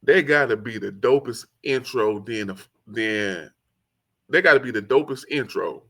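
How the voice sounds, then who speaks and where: A man with a Southern accent casually reviewing a hip-hop album as host, excitable and rambling as he talks. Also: medium pitch, normal speed, gravelly. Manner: excitable, rambling, quotes lyrics in song voice. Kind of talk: casual solo commentary.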